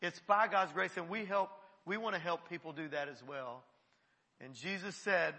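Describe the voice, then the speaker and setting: A pastor delivers an earnest, conversational sermon in a slightly high, very bright voice. He circles back and repeats his phrases as he builds a point. The sound carries the long reverb of a church sanctuary. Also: normal speed. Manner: earnest, conversational preaching with repetitions.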